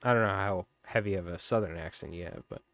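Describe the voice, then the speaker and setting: A man's voice: low voice, fast talker, fairly bright tone, no echo, studio quality. A man hosting a fly tying live stream, chatting casually and rambling with viewers as he works. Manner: rambling, chatty, many fillers.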